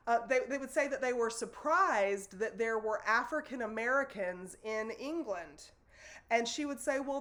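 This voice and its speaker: A woman, teaching a sociology lesson to students in a loose, conversational way with fillers and self-corrections. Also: mid-range voice. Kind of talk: recorded classroom lecture. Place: classroom in front of a board.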